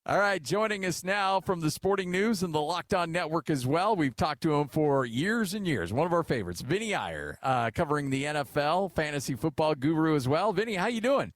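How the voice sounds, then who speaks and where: A middle-aged man co-hosting a sports radio show, chatting casually and telling animated stories full of filler uhs. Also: on the high side, fairly quick, hardly any pauses, dry recording. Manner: animated storyteller, acts out quotes with filler uhs. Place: radio studio. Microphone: studio microphone.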